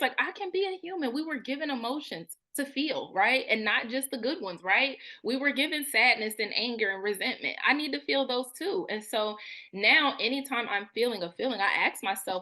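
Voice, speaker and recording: Bright-voiced woman in her thirties, candid. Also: fairly high pitch. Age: 30s. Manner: frank and colloquial, animated when voicing her inner thoughts. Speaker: guest, therapist and spiritual coach. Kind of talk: candid personal storytelling.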